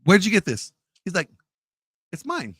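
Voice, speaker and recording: A man telling a story in casual chat, loudly acting out the voices in it. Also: high voice, a little slow, breathy edge, dry recording. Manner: animated storyteller, acts out quotes loudly. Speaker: podcast co-host telling a story.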